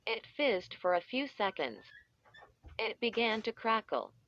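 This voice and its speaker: A woman narrates a children's story slowly and deliberately, drawing out each sound effect. Her voice sits at a middle pitch, and the recording is dry and a little muffled. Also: sing-song, a bit bright, no echo. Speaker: audiobook reader. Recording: dull, slightly muffled audio.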